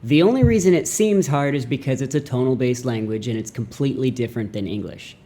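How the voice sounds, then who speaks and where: Youngish guy doing a chill mandarin lesson, mellow voice, animated and goofy. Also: medium pitch, fast talker. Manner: animated, jokey, acts out mock voices. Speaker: language teacher. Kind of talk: casual video lesson.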